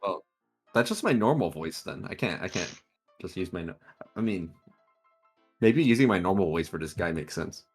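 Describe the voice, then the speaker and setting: Male game master, lowish voice, halting and self-correcting, online session, faint music behind. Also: lively intonation, husky. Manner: hesitant, thinking aloud with restarts. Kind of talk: casual tabletop game chat.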